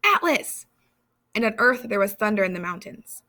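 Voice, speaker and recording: A woman reading literary passages aloud in a measured, expressive way. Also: mid-range voice. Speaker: reader.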